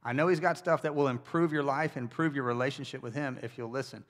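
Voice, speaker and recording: A man's voice: mid-range voice, fairly even intonation, fast talker. A man who is a pastor, preaching a sermon in a conversational, storytelling way with wry asides to his church. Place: church service.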